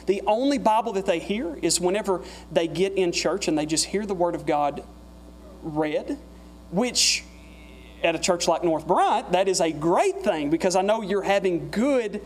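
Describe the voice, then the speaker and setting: A man preaching a sermon in a church, repeating his phrases and climbing higher and louder as he presses his points. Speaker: guest preacher.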